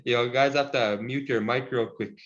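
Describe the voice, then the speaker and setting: A man teaching a Cree language class over a video call, friendly and encouraging, chuckling often and slowing down to model each word. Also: mid-range voice, fairly even intonation, a bit bright. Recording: dull lo-fi video call audio.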